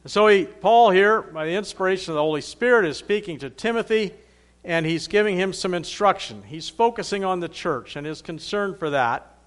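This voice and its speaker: A man's voice: high voice, normal speed, fairly bright tone. A man preaching a sermon in a conversational, plain-spoken way, reading scripture aloud and then explaining it.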